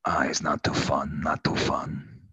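A man's voice: a bass voice, completely flat delivery, a little slow, sharp tone, breathy edge, no echo, voice pushed down, heavily acted. A man playing a pirate ghost from the thirteenth century who talks in a growly pirate voice that drifts into a laid-back stoner drawl. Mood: mellow.

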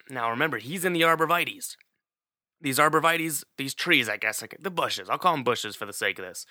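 A man's voice: medium pitch, lively intonation, brisk, pushed and bright, no echo, clean studio sound. A man telling a story in a casual, chatty way, talking straight to the listener with plenty of fillers. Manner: chatty, addresses the listener directly, many fillers.

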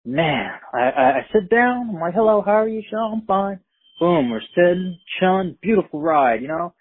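A man's voice: a little high, slightly rough, dry recording. A man from Brooklyn, casually telling a story in a profane, streetwise way. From Brooklyn, New York. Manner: profane, streetwise, animated retelling. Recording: tinny phone-line recording.

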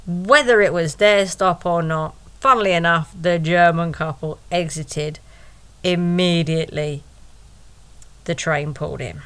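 A woman's voice: fairly low pitch, measured pace, a bit bright, smooth. A woman telling a first-person story in a wry, sarcastic way, with asides to the listener.

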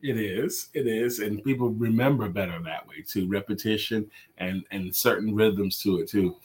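A man hosting a casual livestream chat, animated and emphatic, repeating his key phrases. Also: fairly low pitch, normal speed, husky. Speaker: show host and sales coach.

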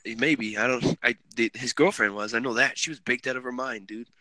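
A young man hosting a casual podcast chat, telling animated stories with lots of swearing. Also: medium pitch, fairly quick. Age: young adult. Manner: animated, swearing, laughing storyteller. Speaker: podcast host.

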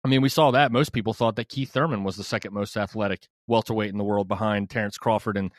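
Relaxed mid-pitched man, dry mic. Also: fast talker, no room sound. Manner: relaxed, reasoned, lots of fillers. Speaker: podcast co-host. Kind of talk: casual boxing podcast chat.

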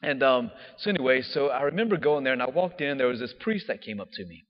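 A man, a diocesan priest, telling a personal story in a chatty, animated way with casual fillers. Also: medium pitch, fast talker. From United States. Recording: dull audio with long hall reverb.

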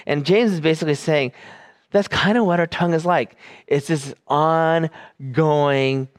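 A man preaching a sermon as a pastor, earnest and deliberate, with frequent fillers and restarts. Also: on the high side, smooth.

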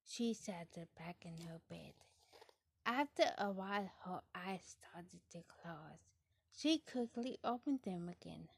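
Woman reading a picture book aloud, slow and soft, dry sound. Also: lowish voice, animated, creaky, husky, dry recording. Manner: soft, slow, often dropping into a hush. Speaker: storybook reader.

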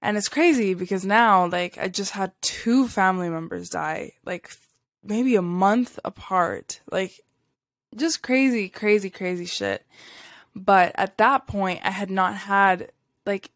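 A woman's voice: mid-range voice, unhurried, dry recording, studio quality. A woman hosting a podcast, telling a spiritual story in a casual, rambling way, full of fillers and little laughs. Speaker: podcast host.

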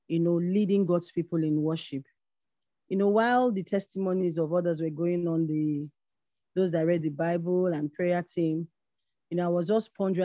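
A woman's voice: on the low side, mellow, dry recording, highs cut off. A woman who leads worship and gives an earnest, devout testimony of thanks. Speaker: worship leader. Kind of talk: grateful testimony on a call.

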